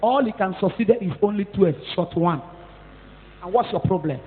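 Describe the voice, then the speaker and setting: A Nigerian-accented woman pastor preaching a scolding, animated sermon, mixing in Pidgin and Yoruba and rising to shouts at times. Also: medium pitch, moderate pace. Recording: tinny phone-like echoey hall.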